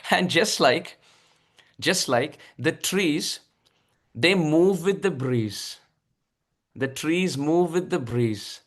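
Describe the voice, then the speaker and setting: A man giving a devotional scripture discourse, expressive and drawn out, with frequent soft laughs. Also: fairly high pitch, very slow, long pauses. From India. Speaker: spiritual speaker.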